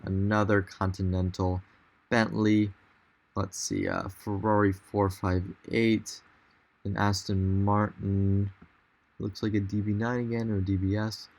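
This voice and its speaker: A young man with a fairly low voice talks through a virtual walk-around as a voice-over. He sounds keen and loose, thinking aloud and correcting himself as he goes. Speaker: car vlogger. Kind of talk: casual tour narration.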